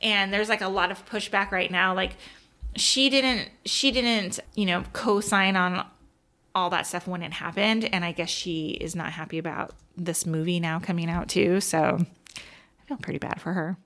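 A woman co-hosting a podcast, chatting casually and enthusiastically about TV shows she has been watching, with lots of "like" and quick asides. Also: lowish voice, fairly even intonation, pushed and bright. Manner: chatty and enthusiastic, many fillers. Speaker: podcast co-host.

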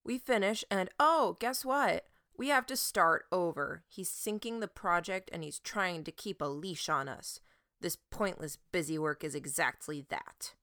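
Woman reader as a teenage boy for an audiobook: whiny, sarcastic brat, slow deliberate delivery, dry sound. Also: on the low side, a bit bright, dry recording. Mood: whiny defiant. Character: bratty mischievous teenage boy.

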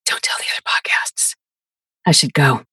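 Commander Shepard, a woman doing a husky deadpan spacer. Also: a bass voice, a little fast, no room sound, clean studio sound, recorded from a distance, pitched below the performer's own voice, exaggerated voice. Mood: mock solemn. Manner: clipped, mock-serious deadpan. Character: stern male space commander, terse soldier.

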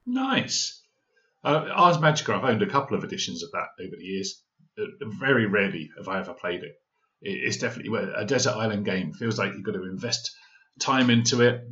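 Bright-voiced British man bantering. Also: low voice, highs cut off. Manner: jokey, upbeat banter. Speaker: podcast co-host. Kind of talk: casual podcast chat.

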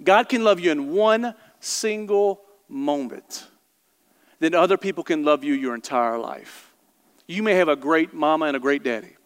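A high-voiced male pastor preaches passionately at a normal, smooth pace, speaking directly to his congregation while repeating and emphasizing his phrases. The sermon echoes through a large church hall with a long reverb tail.

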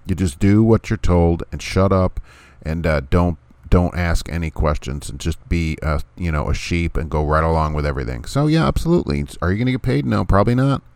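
A man with a deep, low voice hosts a casual podcast. He talks bluntly and sarcastically and keeps repeating his point for emphasis. The sound is dry and close, with no room around it. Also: fairly quick, vocal fry, a little mellow, no echo. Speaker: podcast host.

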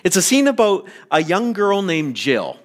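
A man preaching a sermon as pastor, earnest and deliberate, with stammered restarts. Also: sits high, wildly swooping pitch.

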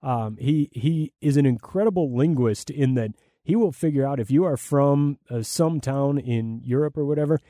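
A man with a deep, mellow voice talks shop with enthusiasm, circling back with fillers and restarts. The sound is dry and close, with no room around it. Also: normal speed, few pauses, no echo. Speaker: play-by-play broadcaster. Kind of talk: conversational interview answers.

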